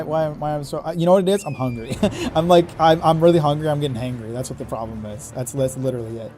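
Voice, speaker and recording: A man's voice: on the high side, fast, few pauses, a little mellow. A man streaming a hard game, commenting on his play in frustration, swearing and talking to himself. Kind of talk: live gameplay commentary. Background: game music.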